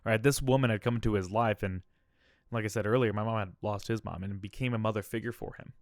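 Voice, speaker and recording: Podcast host, young man, lowish voice, dry close sound, candid and emotional storytelling. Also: fairly even intonation, quick pace, no room sound. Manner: candid, emotional, often adds "all right?". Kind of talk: personal storytelling.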